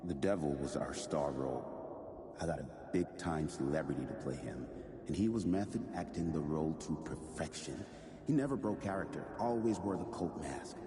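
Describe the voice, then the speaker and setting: A man's voice: extremely low pitch, normal speed, a crowd in the background. An actor playing a haunted man in a video game, recounting events in an ominous storytelling manner. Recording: reverberant game scene with ambient noise.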